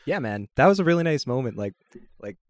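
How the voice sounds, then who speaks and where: A man chatting casually on a podcast, soft-spoken and chuckling as he talks. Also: mid-range voice, very animated, quick pace, no room sound. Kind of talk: casual chat.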